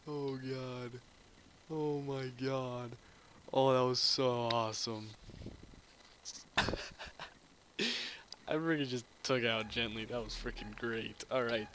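A young man giving casual, excitable gameplay commentary, trash-talking and swearing at opponents. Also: mid-range voice, slow, long pauses. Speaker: gamer. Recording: noisy game audio behind. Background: game sound effects.

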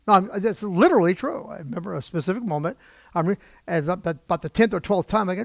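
A man preaching from the pulpit to his congregation, conversational and openly emotional, often putting questions to the room. His voice sits a bit high with a gravelly edge. The recording is close and dry. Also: lively intonation, fast, no room sound. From United States. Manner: emotional, gets worked up. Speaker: pastor. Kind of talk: sermon. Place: church pulpit.

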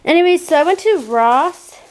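Chatty young mom with a high voice. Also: female voice, lively intonation, normal speed. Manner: chatty, filler-heavy with lots of "like". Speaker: mom vlogger. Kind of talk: casual vlog chat. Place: at home in an apartment, indoors. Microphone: handheld point-and-shoot camera.

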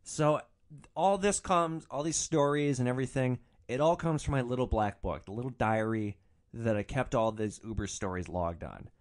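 A man's voice: mid-range voice, moderate pace. A young man hosting a podcast, telling rideshare stories casually and acting out quoted passengers. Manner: animated, acts out quoted passengers. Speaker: podcast host. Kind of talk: casual storytelling.

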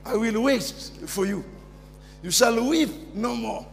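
A man with a Kenyan accent preaching a fiery sermon, jumping from shouts down to near-whispers. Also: very high-pitched, takes it slowly, vocal fry. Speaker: pastor. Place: large church hall. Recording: long church reverb.

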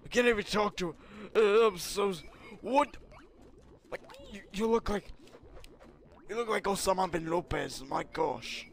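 Man doing gravelly hot-headed Vegeta. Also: high voice, a little slow, long pauses. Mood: brash, panicky. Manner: brash and insulting, yelping in panic. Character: arrogant proud alien prince warrior, adult male, hot-tempered. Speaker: game player. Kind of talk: comedic let's-play voice parody.

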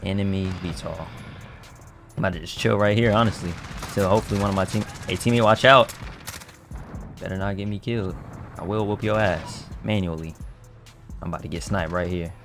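A deep-voiced man with a gravelly, fry-heavy tone narrates his shooter match as he plays it. His talk is loose and full of slang, and he jumps from muttering to sudden yells. Faint music plays under his voice. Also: brisk. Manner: excitable, talks trash to other players, bursts into shouts; casual slang-heavy banter. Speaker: gaming YouTuber. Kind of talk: live gameplay commentary.

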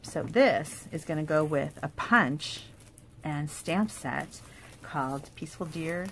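A woman casually showing off paper craft products in a chatty, enthusiastic way, with fillers and quick asides. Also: low voice, expressive, a bit bright, a little hiss or hum. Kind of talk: casual product show-and-tell.

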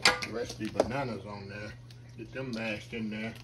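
A man's voice: lowish voice, steady tone, normal speed, heavy background noise. A man hosting a casual home cooking vlog, folksy and chatty, often calling out to viewers as y'all. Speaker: home cooking channel host.

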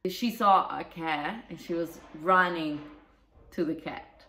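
A woman's voice: fairly low pitch, slow, pushed and bright. A woman vlogger chatting casually and rambling, swearing now and then. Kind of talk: casual vlog chat. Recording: roomy echo.

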